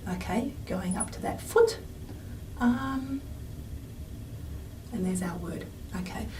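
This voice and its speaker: A woman lecturer explaining at a whiteboard in a chatty way, often checking in with "okay?" and filling pauses with "um". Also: mid-range voice, expressive, darkish tone. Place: classroom. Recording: voice from a distance with faint room noise.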